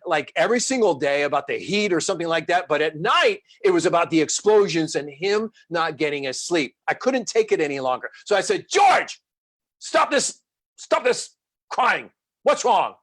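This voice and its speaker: Animated middle-aged man, storytelling speaker, rather high voice. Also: fairly quick, hardly any pauses. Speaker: motivational speaker. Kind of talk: storytelling talk.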